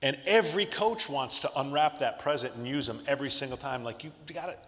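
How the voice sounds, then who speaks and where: A man in his fifties giving an animated storytelling speech as a luncheon guest speaker, heard over a PA in a large hotel banquet hall. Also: medium pitch, fairly quick. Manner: animated anecdotes with laughs. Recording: long hall reverb.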